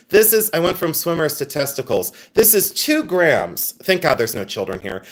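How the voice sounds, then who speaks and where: A man's voice: fairly high pitch, big pitch swings, normal speed, few pauses. Giggly, joking man selling jewelry live. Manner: joking, giggly and self-mocking; chatty, talks straight to viewers. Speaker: livestream jewelry seller. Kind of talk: live sales stream chat.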